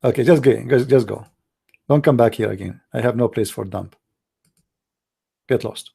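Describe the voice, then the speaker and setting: A call-in show host delivers a heated monologue in non-native English, lecturing scornfully and repeating himself. His mid-range voice is gravelly yet mellow with a breathy edge, and he speaks at normal speed.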